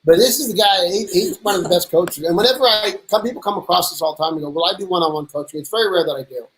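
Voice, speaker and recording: A man's voice: sits high, very fast, fairly bright tone, a little hiss or hum, rough recording. Joking man in his fifties hosting. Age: 50s. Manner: teasing, storytelling, self-mocking. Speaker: show host. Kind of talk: casual joking chat.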